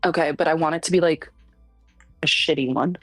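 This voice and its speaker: A woman joining a stream for a casual, relaxed chat, now and then swearing. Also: sits low, brisk, husky, no echo, faint music behind. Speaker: guest co-streamer.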